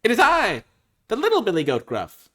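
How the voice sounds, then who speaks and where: A man squeaking as a tiny pleading billy goat. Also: wildly swooping pitch, normal speed, sharp tone, heavily acted. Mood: proud. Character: small timid male billy goat.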